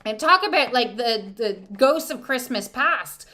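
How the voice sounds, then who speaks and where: A woman's voice: a little high, animated, measured pace, sharp tone. A woman doing an oracle reading, talking in a casual, irreverent spiritual monologue with wry humor and plenty of fillers. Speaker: oracle reader.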